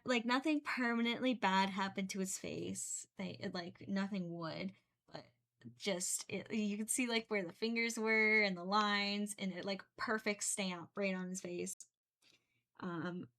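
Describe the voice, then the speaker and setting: A woman's voice: medium pitch, measured pace, a bit bright. A young woman chatting casually while she paints, rambling with many fillers and small giggles. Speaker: painting streamer.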